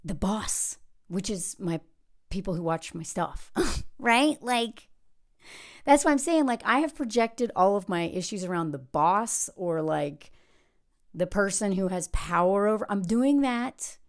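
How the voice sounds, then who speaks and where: A woman's voice: mid-range voice, animated, a little slow. A woman who makes online videos talks in a casual personal vlog. She rambles, interrupts herself, uses many fillers, and is reflective and candid. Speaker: content creator.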